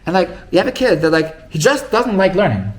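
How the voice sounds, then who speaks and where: A man's voice: sits high, very animated, brisk. A man, a rabbi, telling a story in a casual, rambling way with many restarts. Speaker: rabbi teaching.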